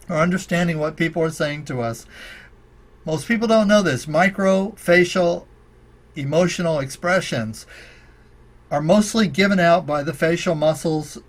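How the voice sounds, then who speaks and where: A man hosting a podcast as a natural medicine college dean, delivering a scripted rant with slow, emphatic stress on key words. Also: fairly high pitch.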